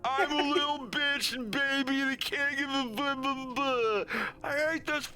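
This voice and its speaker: A man's voice: extremely high pitch, fairly even intonation, unhurried, bright, forceful tone, a little hiss or hum, voice pushed up, full character voice. A man doing a whiny, snapped tech worker. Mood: mocking whine. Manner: mocking baby whine.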